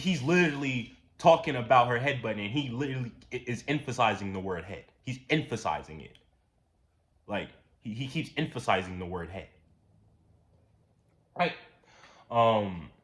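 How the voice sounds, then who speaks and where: A man giving a casual, profane, ranting commentary, repeating himself and getting louder when worked up. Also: medium pitch. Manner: animated, repetitive, profane, rising to near-shouts when worked up. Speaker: commentary channel host.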